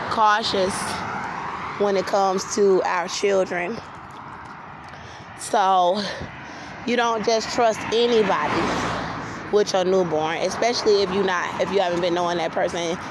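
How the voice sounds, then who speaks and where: A woman's voice: lowish voice, noisy background. A woman giving a blunt, outspoken personal testimony while walking on an outdoor trail, recorded on a handheld phone. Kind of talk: casual spoken testimony. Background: passing vehicles and outdoor ambience.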